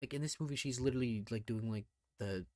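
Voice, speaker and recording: A man co-hosting a podcast, reviewing films in a relaxed, hedging, rambling way. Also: mid-range voice, quick pace, no echo, studio quality. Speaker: podcast co-host. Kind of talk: casual film review chat.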